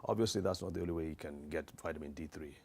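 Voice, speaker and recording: A man's voice: extremely low pitch, very fast, vocal fry, darkish tone, breathy edge. A man giving an informal educational health talk, earnest and hesitant with frequent restarts and fillers.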